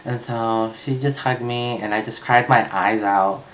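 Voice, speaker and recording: A man's voice: mid-range voice, steady tone, unhurried, a bit bright, slight background noise, rough recording. A young man vlogging, telling a personal story in a casual, chatty way with lots of fillers and swearing.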